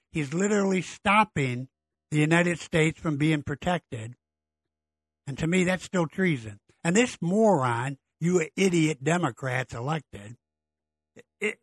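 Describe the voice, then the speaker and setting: A man's voice: a little high, slightly rough, no echo. A middle-aged man hosting a blunt, exasperated political monologue, ranting about government and politicians. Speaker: political commentary host.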